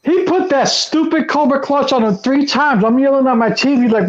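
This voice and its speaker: A man co-hosting a casual podcast, animated and profane, acting out his own reactions as he retells a match. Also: very high-pitched, moderate pace, hardly any pauses, muffled recording. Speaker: podcast co-host.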